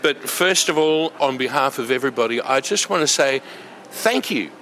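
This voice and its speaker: A man's voice: medium pitch, expressive, normal speed, bright, forceful tone, slight background noise. An Australian man hosting a community radio show, chatty and enthusiastic, with lots of fillers.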